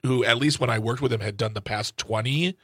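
A man's voice: mid-range voice, a little fast, slightly rough, dry recording, clean studio sound. A man co-hosting a radio talk show, playful and telling stories casually. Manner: playful, animated storytelling. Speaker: radio co-host. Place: radio studio.

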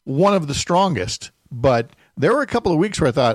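A man hosts a chatty radio show with a slightly high voice. The studio sound is dry and close. He jokes freely and breaks into laughter. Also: big pitch swings, a little fast, no echo. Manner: jokey, laughs often, reads listener texts. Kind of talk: casual radio chat.

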